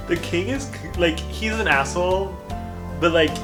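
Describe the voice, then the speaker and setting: A man vlogging about a novel he is reading, excitable and profane, bursting into yells and laughter. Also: sits high, normal speed, echoey room, loud music behind the voice. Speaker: book vlogger. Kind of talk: reading vlog reactions.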